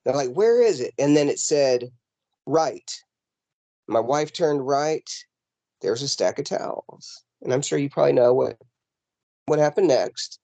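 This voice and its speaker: A man talks over a video call from his mountain home, spinning a ghost story in a loose, rambling way, stopping and restarting as he goes. His voice sits at a middle pitch, and the sound is dry and close. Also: measured pace, creaky, pauses often, dry recording. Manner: rambling, animated, lots of fillers and restarts. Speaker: paranormal investigator guest. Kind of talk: casual storytelling in an interview.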